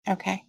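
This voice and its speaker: A woman arguing back in a firm, sharp, profane way. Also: no echo, low-quality recording. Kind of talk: heated argument.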